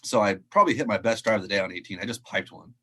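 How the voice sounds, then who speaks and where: A man with a fairly low voice tells a story in a relaxed, chatty way. He is a golf professional talking on a video call, and he acts out the quotes with lively energy and frequent laughter. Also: racing. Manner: animated storyteller acting out quotes, laughs often. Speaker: head golf professional, podcast guest. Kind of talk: casual storytelling in an interview.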